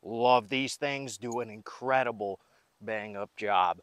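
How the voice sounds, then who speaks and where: Fishing by a river at night, a young man narrates his vlog casually, joking and rambling to viewers. He speaks slowly, with a voice on the low side.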